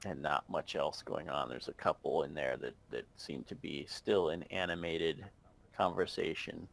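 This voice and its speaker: A man narrating as game master over an online voice call, halting and full of fillers. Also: a bass voice, fairly even intonation, gravelly, poor audio.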